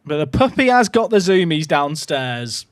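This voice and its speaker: A man's voice: a little high, big pitch swings, unhurried, dry recording, studio quality. A man live-streaming and chatting casually, rambling and cutting himself off mid-word, cooing at his puppy between remarks. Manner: rambling, chatty, self-interrupting; coos affectionately at his puppy.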